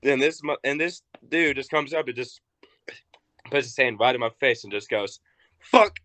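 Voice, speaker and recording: A man's voice: normal speed, no echo. A young man from Arkansas, a wrestler guest telling a story in casual chat and acting out the quotes. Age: young adult. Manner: animated storyteller, acts out quotes with big pitch jumps.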